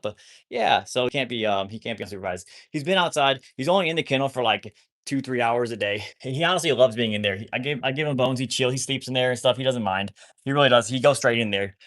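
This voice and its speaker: A man's voice: lowish voice, fairly bright tone. A man rambling casually to viewers on a live stream about rescuing wolfdogs, often cooing at his dogs.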